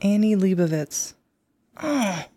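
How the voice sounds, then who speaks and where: An American woman co-hosting a podcast in casual chat, quick to joke at her own expense. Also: medium pitch, expressive, dark tone, no echo. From United States. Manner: laughing and self-deprecating, quick asides. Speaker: podcast co-host.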